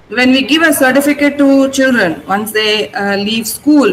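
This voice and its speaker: A woman teaching an online English vocabulary class, repeating words slowly and asking her pupils how to pronounce them. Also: on the high side, a bit bright, slight background noise, poor audio.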